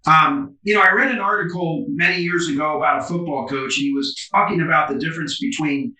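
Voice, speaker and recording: A man's voice: fairly high pitch, a little fast, pushed and bright. A man being interviewed as a business coach over a video call, talking emphatically and animatedly. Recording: roomy, distant video call audio.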